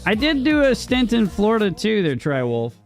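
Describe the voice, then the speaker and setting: A man's voice: high-pitched, huge pitch swings, moderate pace, soft background music. A man streaming a strategy game, chatting casually and answering his chat, often repeating words as he talks. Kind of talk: casual gaming commentary, reading chat.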